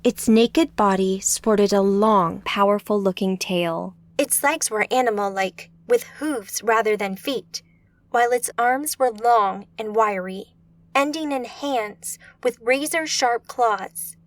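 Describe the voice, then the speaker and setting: A woman narrating a fantasy audiobook in a steady, measured storytelling manner. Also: medium pitch, no echo.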